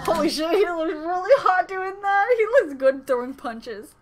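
A young woman hosting a reaction video, chatting and gasping with excitement as she comments on what she watches. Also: very high-pitched, moderate pace, over music.

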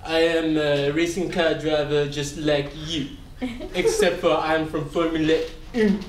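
A person voicing a boastful male French racing driver in a mock French accent, slow and grandly self-important, recorded from a distance on a camcorder in an echoey room. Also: medium pitch, pitched below the performer's own voice, lightly acted. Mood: smug. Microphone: camcorder mic. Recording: echoey room from a distant camera, faint hiss.

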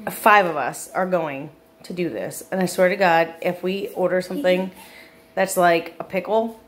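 A woman's voice: fairly low pitch, normal speed. A young woman chatting and giggling in her home kitchen while she bakes for a vlog. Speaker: vlogger. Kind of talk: casual chat while baking.

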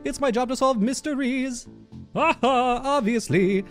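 A man's voice: very high-pitched, a little slow, faint music behind. A man voicing an earnest, slightly dramatic little frog detective in a game.

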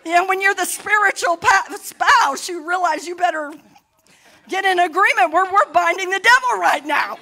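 A middle-aged woman pastor preaching a sermon boldly, rising to shouts between laughing asides. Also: very high voice, moderate pace.

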